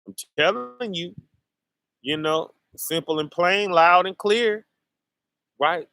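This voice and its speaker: A man's voice: high-pitched, takes it slowly, bright, forceful tone. A man preaching in a casual street style, tossing "right?" and "y'all" to his listeners between points. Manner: preachy call-and-response, keeps asking "right?" and "y'all". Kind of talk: sermon.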